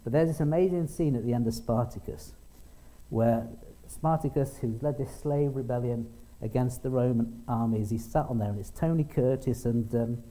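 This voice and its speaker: A man's voice: mid-range voice, normal speed, mellow, low-quality recording. A middle-aged man preaching a conversational sermon, telling stories and quoting people in small acted voices. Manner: conversational, with restarts and acted quotes. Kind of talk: sermon with storytelling.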